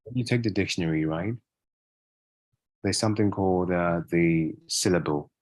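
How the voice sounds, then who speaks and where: A man's voice: sits low, moderate pace, a little mellow, rough recording. A man answering interview questions about learning pronunciation, often repeating phrases and adding "yeah" and "right?". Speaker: guest. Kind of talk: casual interview.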